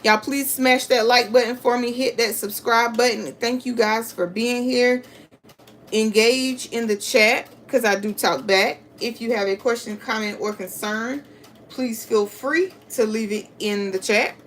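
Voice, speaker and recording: A woman's voice: a little high, fairly even intonation, unhurried, a bit bright, slight background noise. A woman hosting a live sewing stream, chatting casually with viewers and reading the chat aloud. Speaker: crafting livestream host.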